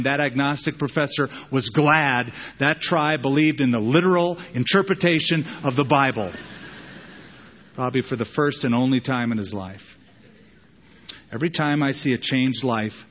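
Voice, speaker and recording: Man, pastor, sermon, conversational, emphatic repetition, mid-pitched, long church reverb. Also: husky, highs cut off. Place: church sanctuary with pulpit.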